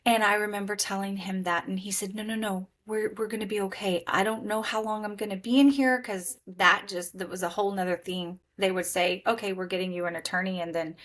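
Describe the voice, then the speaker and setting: This woman tells her own story on a podcast. She is lively and expressive and slips into the voices of the people she quotes. Her pitch sits in the middle range for a woman. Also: brisk, hardly any pauses. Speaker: guest sharing her testimony. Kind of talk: candid personal testimony.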